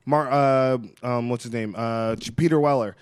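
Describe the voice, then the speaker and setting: A man's voice: mid-range voice, steady tone, moderate pace, darkish tone, smooth, no echo, studio quality. A man co-hosting a casual movie-review chat, an eager fan who rambles through fillers and asides. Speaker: podcast co-host.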